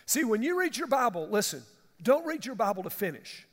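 A middle-aged man preaches in a folksy, emphatic way and asks the congregation questions. His voice sits high and swings widely, with a gravelly edge. A long reverb trails behind him, as in a large hall. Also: very animated, fairly quick, a bit bright. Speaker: pastor. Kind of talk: sermon.

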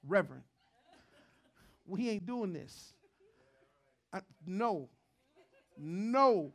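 A man preaching a sermon as pastor, moving between joking storytelling and quiet, earnest preaching. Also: high-pitched, animated, very slow.

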